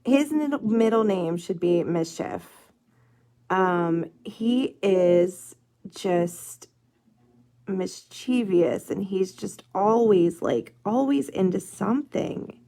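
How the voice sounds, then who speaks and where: Young woman, nail art teacher, live tutorial, chatty, gravelly, slow-talking. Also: mid-range voice, expressive. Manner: chatty, filler-heavy, talks to viewers as "you guys" and "y'all"; drops to a soft murmur while working close on the nail.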